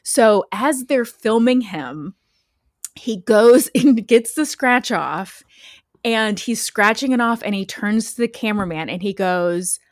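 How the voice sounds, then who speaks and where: A woman co-hosting a podcast, telling a story in a lively, chatty way with many fillers. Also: a little high, slow, dry recording, studio quality. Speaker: podcast co-host. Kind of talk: casual chat, storytelling.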